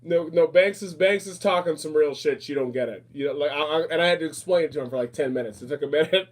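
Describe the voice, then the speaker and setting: A man's voice: fairly high pitch, fast talker. A man chatting casually and flamboyantly, repeating himself and calling people darling. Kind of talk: casual chat.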